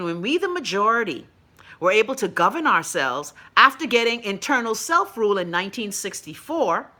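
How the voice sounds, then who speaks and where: A Bahamian woman hosting a call-in show, ranting bluntly and profanely, swinging between loud outbursts and low mutters. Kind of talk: blunt profane live-stream rant.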